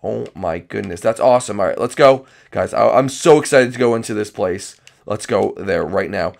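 A man hosting a comedic game role-play, excitable and full of exclamations. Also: lowish voice, moderate pace, gravelly. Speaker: host and gamer.

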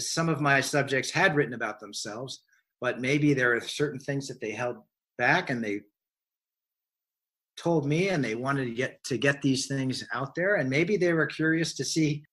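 Bright-voiced man musing in conversation. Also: medium pitch. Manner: thoughtful, rambling with restarts and fillers. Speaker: science writer, interview guest. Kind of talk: conversational interview answers.

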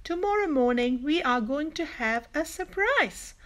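A woman voicing a calm, loving mother in a children's story, speaking gently and patiently. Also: high voice, a little slow, voice pushed up. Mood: gentle.

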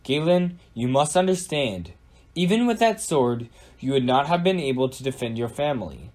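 A man's voice: mid-range voice, sing-song, moderate pace, darkish tone, close to an everyday voice. A man voicing a wise wizard mentor who gives solemn, commanding instruction. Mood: stern. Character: ancient wise wizard mentor, stern and calm.

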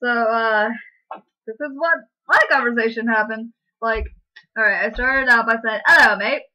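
A woman's voice: fairly high pitch, moderate pace, sharp tone, highs cut off. A woman vlogger chatting casually and giggling often as she reads an online chat aloud. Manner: giggly, lots of fillers and laughs.

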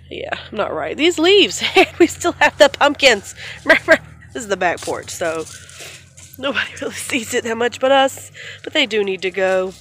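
A woman's voice: fairly high pitch, sing-song, moderate pace, fairly bright tone, a little hiss or hum. A tired woman vlogging casually at home on her phone, rambling and chatty, with frequent laughs. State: tired from little sleep. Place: at home and in the backyard. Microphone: phone camera.

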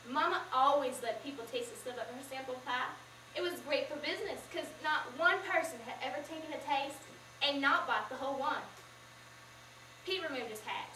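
A teenage girl performing a memorized story in the first person, with expressive, measured narration, in a school auditorium. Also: sits high. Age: teens. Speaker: student performer. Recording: echoey room, from far off, faint noise.

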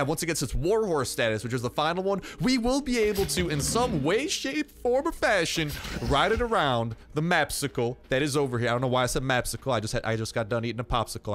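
A young man commentating on his own gameplay, his voice sitting a little higher than most men's. He rambles and jokes at a quick clip, then leaps up into high, loud exclamations whenever the game turns on him. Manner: excitable, jokey, rambling, jumps to high exclaims. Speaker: gaming channel host.

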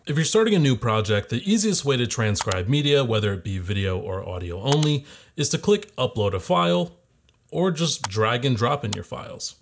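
A young man hosting a scripted software tutorial in a playful, jokey way. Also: medium pitch, very animated, normal speed, creaky, slight background noise. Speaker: tutorial host.

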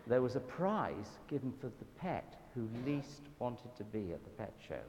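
A man with a Southern English accent giving a church talk, telling anecdotes in a lively, self-deprecating way. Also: mid-range voice, normal speed. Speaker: guest speaker at a church event. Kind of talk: storytelling sermon talk. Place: church hall. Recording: reverberant hall with faint background noise.

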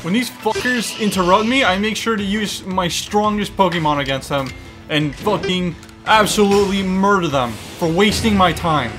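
A young man giving excitable, profane let's-play commentary, talking to the game and its creatures as he plays. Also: sits high, normal speed, faint music behind. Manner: excitable, swearing, talks to the game. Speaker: gaming YouTuber.

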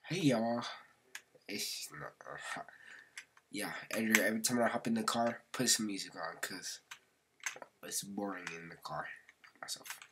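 A man's voice: lowish voice, a little slow, long pauses, background noise. A man narrating his gameplay casually, slangy and chatty, often muttering or whispering to himself. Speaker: gaming video creator.

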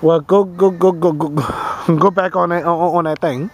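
A woman's voice: on the low side, fairly even intonation, normal speed, a little mellow, a little hiss or hum. A woman vlogging outdoors on a handheld camera in casual chat, stammering and repeating words, groaning and laughing at herself as she strains at exercise equipment. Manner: self-mocking, groaning and calling for help while straining.

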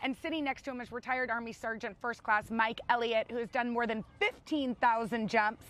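A woman's voice: fairly high pitch, fairly quick. A woman in her thirties co-hosting a talk show, chatting eagerly and often restarting her sentences. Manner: excited and chatty, with frequent restarts and laughter. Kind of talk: casual chat.

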